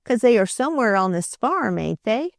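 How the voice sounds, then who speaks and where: A woman's voice: on the high side, sing-song, moderate pace, vocal fry, no echo, studio quality, pitched above the performer's own voice. A woman voicing a small girl who talks with a lisp, in a storybook reading. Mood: earnest.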